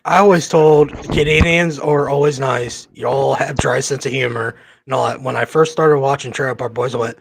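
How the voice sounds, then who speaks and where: A man hosting a podcast over a headset mic, excitable, profane and laughing a lot in casual chat. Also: medium pitch, moderate pace, vocal fry, few pauses, noisy background. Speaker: podcast host.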